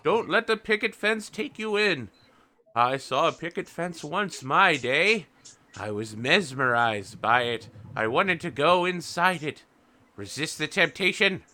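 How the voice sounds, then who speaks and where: A man voicing a motherly old female rabbit who gives gentle, fussing advice. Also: a little high, lively intonation, unhurried, voice pushed up.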